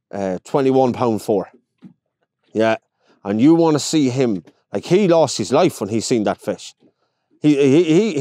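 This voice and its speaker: A man's voice: mid-range voice, dark tone, dry recording, clean studio sound. An Irish man from Longford, a pike fishing guide, chatting outdoors on a boat and telling stories in which he acts out the people he quotes. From Ireland, County Longford. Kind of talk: casual interview chat.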